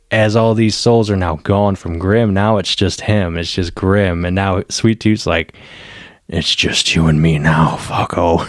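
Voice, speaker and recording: A man giving a casual, excitable recap of a TV episode, laughing often and acting out the characters' lines. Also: on the low side, no room sound, studio quality. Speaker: TV episode reviewer.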